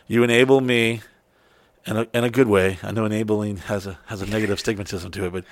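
A man's voice: fairly low pitch, fairly even intonation, quick pace. A man co-hosting a podcast, telling stories in a loose, profane way and slipping into mock voices. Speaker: podcast co-host. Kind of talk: casual podcast chat.

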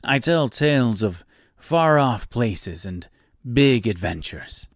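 A man's voice: mid-range voice, lively intonation, takes it slowly, dry recording, clean studio sound. A man voicing a boastful, lonely male storyteller who plays host with grand, theatrical airs, for an audiobook reading.

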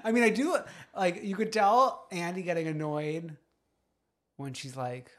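A man's voice: high-pitched, measured pace, a bit bright. A man co-hosting a podcast, chatting casually and gossiping with frequent laughs. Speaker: podcast co-host. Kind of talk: casual chat.

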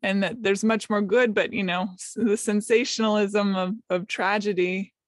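This American podcaster, appearing as a guest, has a steady mid-range voice and a moderate pace, with clean studio sound and no echo. Her conversation centers on a deeply personal story she shares with open emotion and a self-mocking streak. When she repeats what others said, she lightens her voice.

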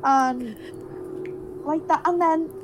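This is a young woman from Liverpool with a broad Scouse accent and a high, bright-toned voice. She chats casually as a podcast guest. She tells animated stories and acts out what people said. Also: slow, slight background noise, low-quality recording. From Liverpool, England. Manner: animated storyteller, acts out quotes. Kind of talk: casual chat.

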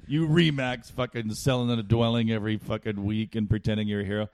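Low-voiced profane male comic. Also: fairly quick, darkish tone, slight background noise. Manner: profane, self-deprecating storyteller acting out dialogue. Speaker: comedian podcast host. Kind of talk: casual storytelling.

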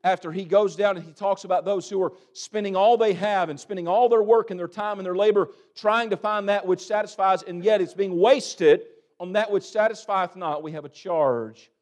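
A man preaching a sermon as pastor, building phrases up and letting them drop off quietly. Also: high voice. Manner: preaching with swelling and fading emphasis, repeated phrases.

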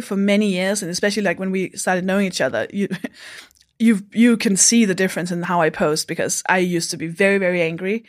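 A woman from Denmark, a comedian guest on a podcast, talking frankly and reflectively and swearing casually. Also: mid-range voice. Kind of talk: candid podcast conversation.

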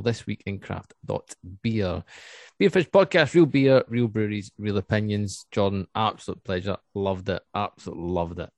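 A man's voice: on the low side, darkish tone, no room sound. A man with a Scottish accent hosting a casual podcast, chatty and laughing as he plugs the show. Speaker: podcast host.

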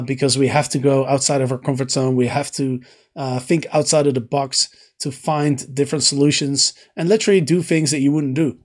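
A man hosting a live stream, reading viewer comments and talking casually with many fillers and restarts. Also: fairly high pitch. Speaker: host.

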